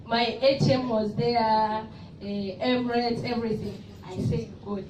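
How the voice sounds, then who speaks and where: A woman with a fairly high voice quietly tells her testimony in earnest. She is far from the mic in an echoing church hall, with noise underneath. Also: fairly even intonation, measured pace. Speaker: church member giving testimony. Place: church hall in Abu Dhabi.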